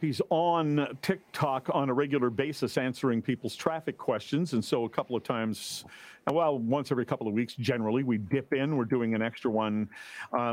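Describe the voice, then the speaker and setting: A man's voice: medium pitch, dry recording. A man hosting a radio call-in show from Canada, reading listener questions in a conversational way. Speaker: radio talk show host.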